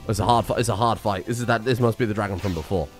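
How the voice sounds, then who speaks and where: A man's voice: on the low side, racing, soft background music. A young man giving casual, sweary, sarcastic commentary while streaming a farming game. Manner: sweary, sarcastic, animated outbursts. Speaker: gaming streamer. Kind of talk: casual let's-play commentary.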